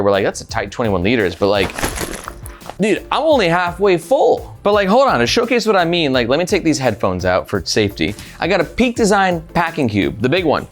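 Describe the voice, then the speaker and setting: Animated, chatty male gear reviewer. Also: medium pitch. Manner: upbeat, chatty, lots of fillers. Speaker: gear reviewer, channel host. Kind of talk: casual product review vlog.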